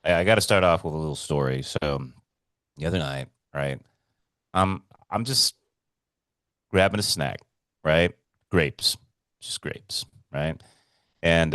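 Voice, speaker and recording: A man hosting a podcast, telling a story in an excitable, rambling way with casual swearing and lots of repetition. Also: very deep voice, measured pace, long pauses, no room sound. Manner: excitable, swears freely, repeats himself. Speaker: podcast co-host.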